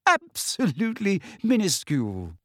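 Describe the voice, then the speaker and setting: A man voicing a frightened teenage schoolgirl witch who speaks in a shrill, anxious whisper and turns sarcastic. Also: expressive, a little slow, a little mellow, breathy edge, no room sound, clean studio sound, heavily acted.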